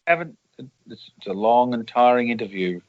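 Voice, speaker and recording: A man's voice: mid-range voice, expressive, moderate pace, phone-quality sound. An Australian man, an author and journalist, telling rambling anecdotes in a casual interview over a call.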